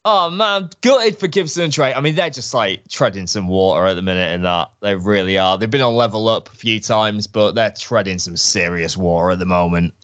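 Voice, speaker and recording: A man co-hosting a wrestling chat show, enthusiastic and jokey in a relaxed conversational way. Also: on the low side, brisk, few pauses, dull audio. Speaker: wrestling podcast co-host. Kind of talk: casual chat.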